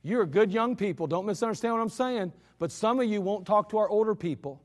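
Pastor guy preaching, blunt and scolding, kinda high voice, big echoey church sound. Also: lively intonation, a little fast. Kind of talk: sermon.

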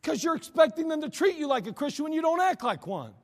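A man's voice: extremely high pitch, big pitch swings, fast talker, big-room sound. A man preaching a sermon in a conversational way, acting out the voices of people he quotes. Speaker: pastor.

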